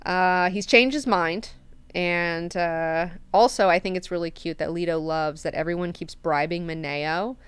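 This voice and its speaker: A woman's voice: fairly low pitch, steady tone, a little slow, clear, resonant tone, no echo. A woman hosting a book club, recapping chapters in a chatty way, full of fillers and casual swearing.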